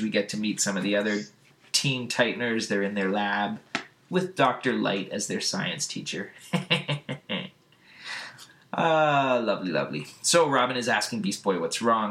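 A man casually recapping a comic book on a podcast, often laughing and jumping into high put-on voices for the characters. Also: animated, normal speed, fairly bright tone. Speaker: podcast host.

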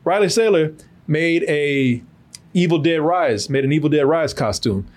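A man's voice: fairly high pitch, expressive, measured pace, darkish tone. A man co-hosting a podcast in casual comedic chat, laid-back and swearing casually, laughing often. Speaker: podcast co-host.

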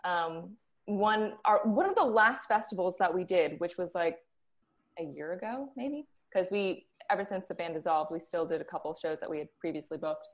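A young woman, a former Christian band member, recounting her experiences in a chatty, animated way full of "like". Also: fairly low pitch, normal speed. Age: young adult. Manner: chatty, animated, with frequent "like" and laughs. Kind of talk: casual interview storytelling.

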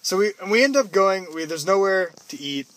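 A man's voice: high voice, fairly quick. A young man from Canada casually telling a story to a friend, acting out the people in it. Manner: animated, acts out quotes in loud put-on voices.

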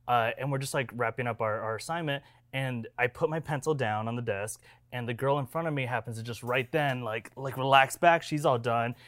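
A man in his thirties tells a long story on a podcast, rambling and animated, stopping and restarting his sentences. His voice sits in a middle pitch, recorded close and dry with no room sound. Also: a little fast, hardly any pauses, no room sound. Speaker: podcast co-host. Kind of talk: casual storytelling chat.

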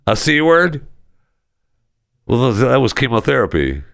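A man's voice: mid-range voice, big pitch swings, a little slow, gravelly, fairly bright tone, no room sound, studio quality. A man hosting a talk show, ranting in a casual, sarcastic and exasperated way. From United States.

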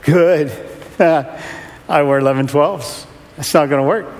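A man's voice: on the high side, slow pace, a little mellow. A man who runs a rescue mission, telling a humorous, self-mocking story to an audience. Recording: long hall reverb.

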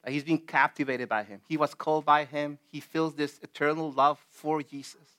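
A man's voice: fairly high pitch, steady tone, normal speed, pushed and bright. Earnest man leading a Bible study. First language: not English. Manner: earnest and emphatic, with frequent fillers and restarts. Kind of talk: casual group Bible teaching.

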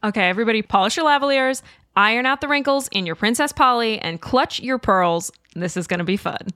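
Bright-voiced woman podcast co-host. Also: on the high side, lively intonation, fast talker, no room sound, studio quality. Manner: laughs often, chatty and playful. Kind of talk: casual chat.

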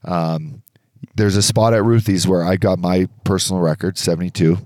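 A man co-hosting a casual podcast, telling a story in an animated way, swearing and acting out the voices of other people. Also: low voice, normal speed, no echo, clean studio sound. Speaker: podcast co-host.

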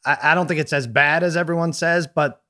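A man's voice: fairly high pitch, steady tone, brisk, bright, forceful tone. A man hosting a casual sports talk show who often stops and restarts his sentences. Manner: hesitant restarts, many fillers.

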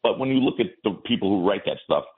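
A man, an attorney calling in as a guest, talking in a rambling, halting way with many restarts, heard over a phone line. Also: on the low side, animated, husky. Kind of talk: casual phone-in chat.

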